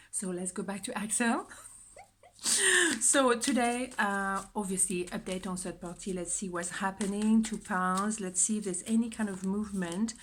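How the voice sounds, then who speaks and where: Woman reading tarot to camera, husky morning voice, chatty and emphatic. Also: mid-range voice, a little hiss or hum. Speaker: tarot reader.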